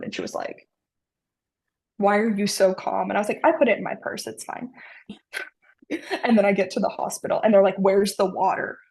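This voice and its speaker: Podcast guest, woman in her thirties, gravelly voice, deadpan humor in casual anecdotes. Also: medium pitch, fairly quick. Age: 30s. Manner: dry humor, animated retelling. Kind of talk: casual storytelling.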